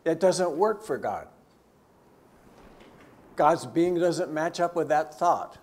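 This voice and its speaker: A man, a theologian, teaching a church group in a conversational way, lifting his voice for emphasis and dropping to quiet, low asides. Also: expressive, takes it slowly, long pauses. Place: church gathering.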